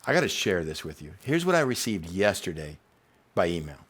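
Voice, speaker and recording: Man, pastor, sermon, animated storytelling, pitch swinging up high when excited. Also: brisk, husky. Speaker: teaching pastor.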